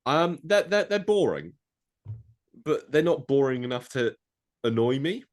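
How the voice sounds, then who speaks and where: A man from Europe co-hosting a loose, casual podcast chat, playful and teasing and quick to laugh. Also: medium pitch, expressive. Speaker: podcast co-host.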